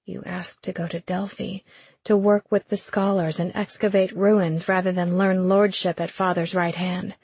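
A woman's voice: fairly low pitch, flat delivery, moderate pace, a little mellow, breathy edge, no echo. Figure: a woman voicing an anxious, guarded young noblewoman who asks pointed questions. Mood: worried.

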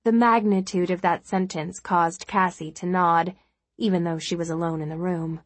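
A woman narrating a novel as an audiobook, in a steady, measured storytelling manner. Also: fairly low pitch, dry recording. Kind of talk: scripted narration.

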